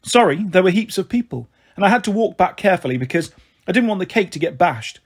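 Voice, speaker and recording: A man reading a storybook aloud and voicing a blunt, sensible teenage girl who speaks in a reproachful way, with a husky voice. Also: high voice, expressive, fast, heavily acted. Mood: apologetic.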